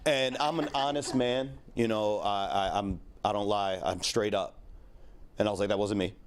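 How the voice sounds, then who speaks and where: A man's voice: lowish voice, steady tone, moderate pace. Thirties guy doing stand-up, rambly and crude, lots of "you know what i mean", a little noise in the room. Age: 30s. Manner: laid-back, rambling, crude, with lots of fillers. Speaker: stand-up comedian. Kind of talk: stand-up set.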